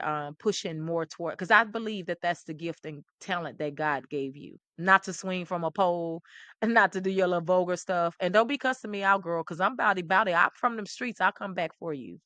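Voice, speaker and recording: A middle-aged woman host, talking with animated, preachy emphasis and repeating phrases. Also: lowish voice, no room sound. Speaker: talk show host. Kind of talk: impassioned commentary to camera.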